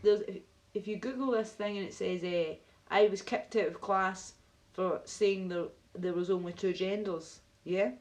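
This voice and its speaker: A Scottish woman hosting a casual live stream, her voice sitting at an everyday middle pitch. She chats bluntly, swears freely and reads video titles aloud as she scrolls. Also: fairly even intonation, normal speed, darkish tone, low-quality recording. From Scotland.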